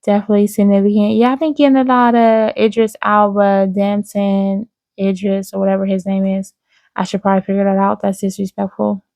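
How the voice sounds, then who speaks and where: A woman giving an intuitive spiritual reading to her viewers, speaking slowly and soothingly with frequent "okay?" check-ins. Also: medium pitch, level tone, vocal fry, darkish tone, dry recording. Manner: slow, drawn-out, soothing, with many "okay?" asides. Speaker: psychic reader.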